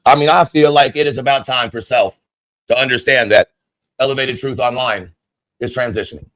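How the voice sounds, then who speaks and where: A man's voice: medium pitch, normal speed, fairly bright tone, no echo, highs cut off. Rambling man talking to his viewers. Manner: rambling, chatty, addresses viewers directly. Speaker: online streamer. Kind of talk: casual livestream monologue.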